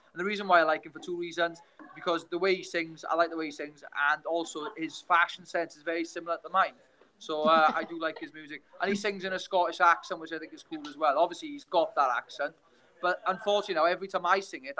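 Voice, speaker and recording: A man's voice: fairly high pitch, fairly even intonation, quick pace, sharp tone, poor audio. A young Welsh man talking casually on a video call as a guest fighter, telling stories with many restarts. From Wales. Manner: rambling storyteller, many restarts.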